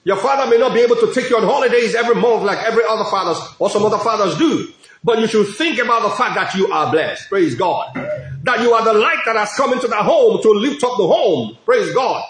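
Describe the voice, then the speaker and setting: A man's voice: high voice, animated, fast talker, a bit bright. A middle-aged man preaching a sermon as a pastor, speaking emphatically and repeating phrases, with frequent cries of praise. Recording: echoey room.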